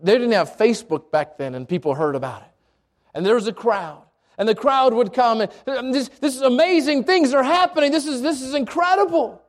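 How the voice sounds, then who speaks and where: A man preaching a sermon, animated and lively, often repeating words as he acts out excited quotes. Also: very high voice, a little fast.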